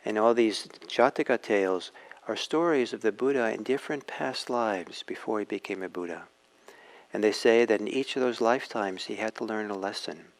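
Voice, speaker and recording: A man giving a dharma talk, telling a fable gently and unhurriedly, with many pauses and fillers. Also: fairly low pitch. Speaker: meditation teacher.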